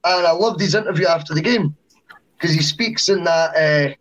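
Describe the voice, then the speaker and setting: Guy co-hosting a football podcast, higher voice, chill and agreeable, breaks things down. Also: normal speed, a bit bright, lo-fi sound. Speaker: podcast co-host. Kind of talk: casual chat.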